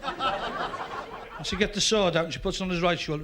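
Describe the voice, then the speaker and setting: A man telling stand-up jokes with a brisk, punchy delivery. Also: fairly high pitch, lively intonation, fairly bright tone. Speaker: stand-up comedian.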